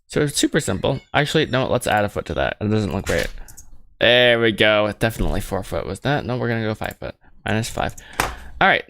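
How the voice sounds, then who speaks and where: A man's voice: lowish voice, gravelly. Rambling self-mocking man at his desk. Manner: rambling, self-mocking, jokey asides to himself. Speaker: animator streaming his film work. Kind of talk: casual thinking-aloud commentary while modeling.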